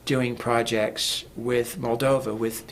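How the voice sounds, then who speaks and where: A man's voice: medium pitch, little pitch movement, slow pace, a little hiss or hum. A man talking as a guest in a casual interview, rambling with many fillers and restarts. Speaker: guest, music producer.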